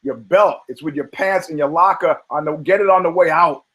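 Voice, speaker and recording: A man's voice: a little high, brisk, fairly bright tone, poor audio. A man hosting a podcast, chatting casually and profanely, rambling from thought to thought and laughing often as he talks. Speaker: podcast host. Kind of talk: casual podcast banter about fighting.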